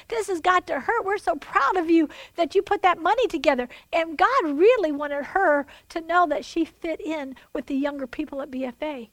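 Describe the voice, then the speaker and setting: A woman with a high voice preaches a sermon. She is animated and swings between loud declarations and hushed asides, and voices God and others in quotes. The sound is close and dry, with no room echo.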